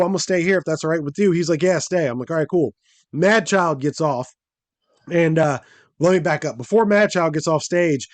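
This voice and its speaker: A man's voice: fairly high pitch, no room sound. A man hosting a podcast, telling a long story in casual, profane chat and acting out the quotes in a raised voice. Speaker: podcast host.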